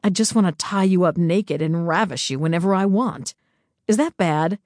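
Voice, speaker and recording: A woman narrator voicing an affectionate young man, dropping her voice low and soft for him. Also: normal speed, no room sound, studio quality, close to an everyday voice. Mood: tender.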